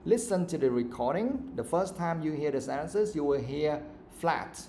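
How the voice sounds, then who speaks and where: A man's voice: fairly high pitch, a little mellow, slight background noise. Vietnamese-accented man teaching English in an echoey room. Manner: explains slowly, models intonation with exaggerated examples. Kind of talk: live online English lesson.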